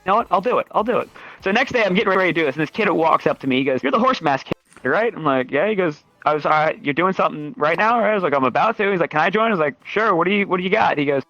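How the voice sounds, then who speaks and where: A man's voice: on the high side, very fast, hardly any pauses, dull audio, faint music behind. A young man, a streamer, telling stories in casual chat, swearing a lot and acting out quotes. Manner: animated, swearing, acts out quotes.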